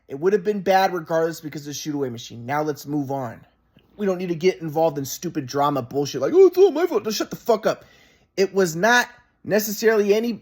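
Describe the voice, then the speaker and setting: A man in a rambling, casual monologue, often restarting and repeating himself, frustrated and swearing. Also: fairly high pitch.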